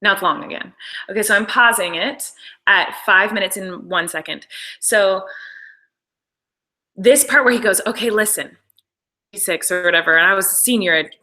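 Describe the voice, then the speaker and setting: A woman's voice: medium pitch, normal speed, pauses often, pushed and bright, low-quality recording. A young woman chatting casually on a live stream, gushing over behind-the-scenes stories with apologetic asides. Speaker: show creator and host.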